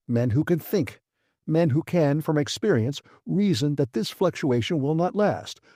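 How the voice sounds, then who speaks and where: Guy doing an angry space station engineer, barking orders, higher than his reading voice, dry sound. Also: warm tone, dry recording. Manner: snapping, commanding, exasperated. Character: hot-tempered male space station engineer. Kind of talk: audiobook character voice.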